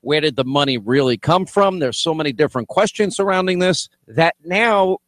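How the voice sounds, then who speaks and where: A man hosting political talk radio, brash and animated, often restarting his sentences as he banters. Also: fairly high pitch, normal speed, dry recording.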